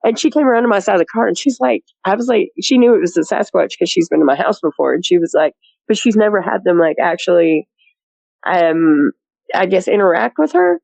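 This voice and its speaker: Rambly country woman telling a story, bit of vocal fry, dry close sound. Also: fairly low pitch, animated, fairly quick, a little mellow, no echo, poor audio. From rural area. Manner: rambling, chatty, full of "you know" and restarts, laughs often. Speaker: guest recounting a sighting. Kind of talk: casual storytelling.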